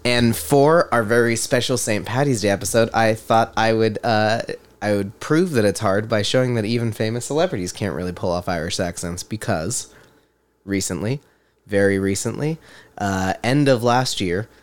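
A man's voice: on the low side, normal speed, smooth. Laughing male podcast host. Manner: laughing often, reading quotes aloud. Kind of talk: casual chat.

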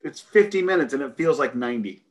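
A man from the United States co-hosting a music podcast, talking in an animated, emphatic and joking way. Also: mid-range voice, fast. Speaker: podcast co-host. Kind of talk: casual podcast chat.

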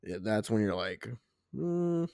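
A young man co-hosting a casual podcast, amused and teasing, quick to laugh. His voice is gravelly with a lot of fry. The recording is very dry, with no room sound at all. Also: medium pitch, animated, no room sound. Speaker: podcast co-host. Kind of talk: casual chat.

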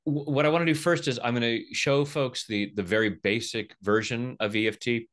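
A man's voice: medium pitch, fairly even intonation, fairly quick, fairly bright tone. A middle-aged man explaining and demonstrating tapping with a playful manner, often acting out the voices of the people he quotes. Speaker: EFT tapping practitioner, guest.

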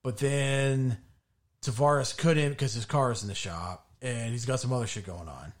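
A man co-hosting a casual podcast from his home studio, chatting in a relaxed, conversational way. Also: mid-range voice, unhurried. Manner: relaxed, conversational, wraps up the show. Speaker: podcast co-host. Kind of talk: casual chat.

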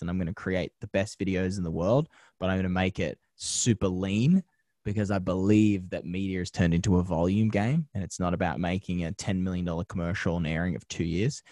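A man, a TV host and media founder, telling energetic stories in a casual interview, laughing often and using slang. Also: low voice, no echo, clean studio sound.

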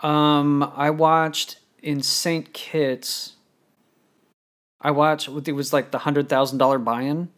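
A man who works on TV crews, telling stories in a relaxed, halting way during a casual chat. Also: fairly high pitch. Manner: relaxed, halting, many "like" fillers. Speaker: TV crew member guest.

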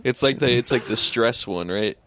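A man's voice: mid-range voice, normal speed, a bit bright. A man in casual banter with friends, goofy and often laughing as he talks. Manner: goofy, laughs a lot while talking. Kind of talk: joking banter among friends.

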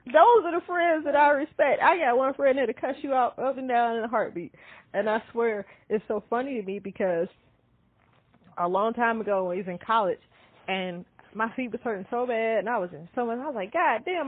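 Thirties woman, outspoken co-host, breathy and on the high side, through a tinny phone line. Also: moderate pace, dry recording. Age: 30s. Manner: candid, animated storytelling, laughs often. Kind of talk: casual chat. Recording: dry, tinny phone-like sound.

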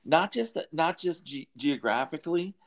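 A middle-aged Southern Californian man hosts a podcast interview in a conversational, rambling way, full of restarts and fillers. His voice sits on the high side, animated, at a moderate pace.

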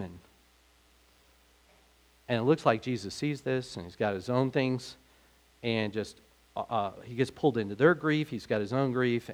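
A man preaching a sermon in a conversational way, growing animated when he asks questions. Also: mid-range voice. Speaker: pastor.

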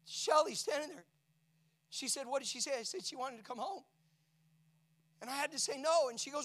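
Middle-aged male pastor, high voice, emotional sermon delivery, hushed to shouting. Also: animated, normal speed, long pauses. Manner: emotional storytelling preaching, swinging from hushed to shouting.

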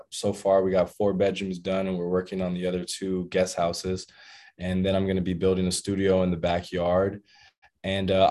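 A young American man, a musician, telling stories in a casual interview with laid-back slang and animated retelling. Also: sits low. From United States. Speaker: musician and rapper.

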